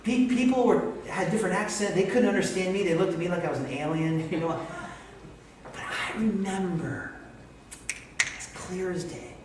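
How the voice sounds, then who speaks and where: A man's voice: high-pitched, normal speed, background noise. Man preaching in an echoey church. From Vermont, USA. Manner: animated, self-deprecating storytelling. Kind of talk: sermon. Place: church sanctuary. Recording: echoey church hall, distant mic.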